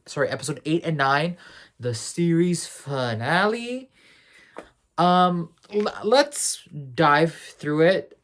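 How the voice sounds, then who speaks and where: Rambling, slangy casual show reviewer. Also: mid-range voice. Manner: rambling, self-correcting, slangy. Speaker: TV series reviewer. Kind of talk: casual spoiler review vlog.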